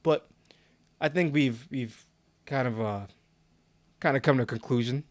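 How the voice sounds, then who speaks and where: A man's voice: medium pitch, unhurried, dry recording. A young man co-hosting a podcast, talking casually with slang and laughs. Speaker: podcast co-host.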